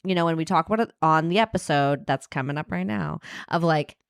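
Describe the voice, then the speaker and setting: A woman co-hosting a podcast in casual chat, bubbly and quick to laugh. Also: deep voice, vocal fry, clear, resonant tone, no room sound, studio quality. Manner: bubbly, laughs often, lively delivery. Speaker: podcast co-host.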